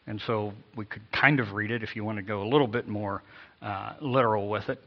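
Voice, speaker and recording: A man's voice: on the low side, normal speed, bright, forceful tone, highs cut off. A man preaching a sermon, emphatic, repeating key phrases and reading scripture with inflection. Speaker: pastor.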